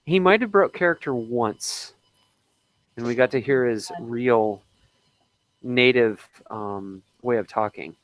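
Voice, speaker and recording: A man hosting a casual group livestream chat, talking in halting bits with lots of ums and restarts and frequent chuckles. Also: mid-range voice, no room sound. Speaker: livestream host.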